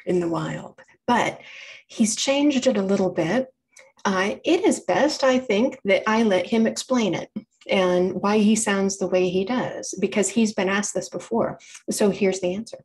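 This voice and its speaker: A woman's voice: mid-range voice, a little slow, darkish tone, rough recording. A woman presenting a public library talk, explaining things in a chatty way with wry asides.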